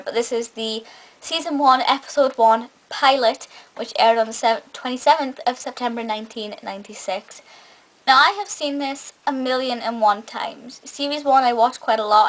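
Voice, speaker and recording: A woman's voice: on the high side, poor audio. A young woman giving an enthusiastic, chatty spoken review of a TV episode, often restarting her sentences. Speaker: film and TV reviewer.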